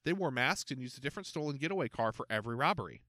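A caring, worried mother , as a man voices her, asking soft questions with a lifted, lively lilt. Her tone is bright. It is a dry storybook reading. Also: mid-range voice, very fast, dry recording. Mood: concerned.

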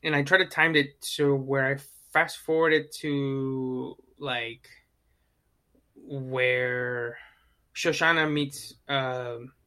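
Guy chatting casually about movies, bright voice, rambles with fillers and quick impressions. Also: mid-range voice, fairly even intonation. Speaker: podcast co-host. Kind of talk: casual chat.

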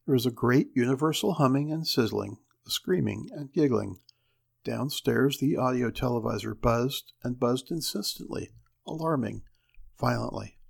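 A man reading a story aloud as narrator, measured with dramatic pauses. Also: mid-range voice, animated, creaky, husky.

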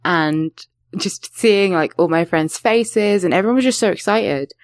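A young woman from England hosting a casual podcast chat, animated, swearing freely and laughing often. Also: medium pitch, a little slow, no room sound, studio quality. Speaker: podcast host.

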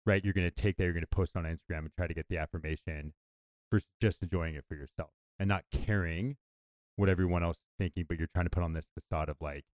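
A man co-hosting a podcast, chatting casually and telling stories in an animated way. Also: low voice, fast, dry recording. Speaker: podcast co-host.

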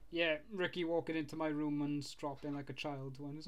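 A podcast co-host in casual chat, asking quick questions and adding wry remarks. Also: mid-range voice, flat delivery.

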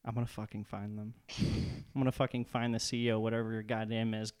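A man's voice: on the low side, flat delivery, fast, a little mellow, clear, resonant tone. A young man co-hosting a podcast, joking and rambling with lots of swearing. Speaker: podcast co-host. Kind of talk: casual profane chat.

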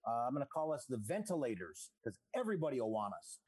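A man's voice: medium pitch, big pitch swings, fast talker, darkish tone, husky, no room sound. A middle-aged man, a comedian telling rambling, self-mocking jokes over a video call.

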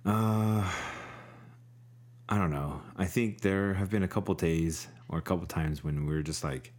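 A man's voice: sits low, measured pace, darkish tone. A man co-hosting a podcast in casual chat, laid-back and rambling with many fillers.

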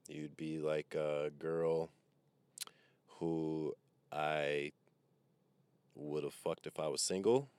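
A man's voice: low-pitched, a little mellow, clear, resonant tone, no echo. A comedian, rambling through a profane, wisecracking monologue into a microphone while sitting in his car. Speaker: comedian and podcast host. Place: parked car.

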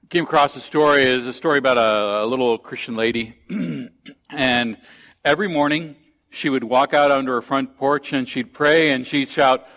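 Pastor preaching in a reverberant hall. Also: male voice, medium pitch, steady tone, moderate pace, a bit bright. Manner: folksy storytelling with fillers and restarts. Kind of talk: sermon. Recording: long church hall reverb.

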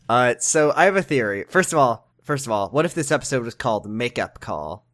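A man's voice: mid-range voice, very animated, a little fast, hardly any pauses, a bit bright. Podcast co-host, male, casual chat, crude humor, stumbling delivery. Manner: crude jokes, stumbles over words, theorizes.

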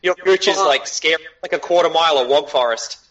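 A man's voice: on the high side, a little fast, recorded from a distance, dull audio, a crowd in the background. A man co-hosting a casual live podcast, cracking dry, crude jokes.

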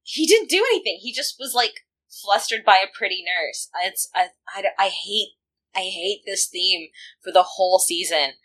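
A woman's voice: medium pitch, animated, normal speed, fairly bright tone, husky, rough recording. A woman co-hosting a podcast, chatting casually with lots of "like" fillers and frequent laughter. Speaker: podcast co-host. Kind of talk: casual podcast chat recapping an anime.

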